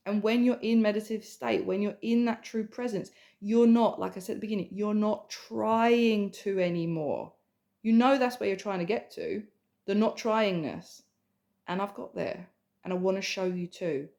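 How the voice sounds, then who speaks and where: A woman spiritual coach giving an emotional, earnest sales pitch, repeating herself and speaking intimately to the listener. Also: normal speed, gravelly, warm tone. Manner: earnest, repetitive, swears casually; addresses the listener intimately as hun and babe.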